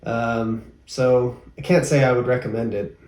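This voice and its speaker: A man's voice: mid-range voice, steady tone, unhurried, a little mellow. A man co-hosting a casual movie review, chatty and rambling, often laughing. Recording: roomy, mic at a distance.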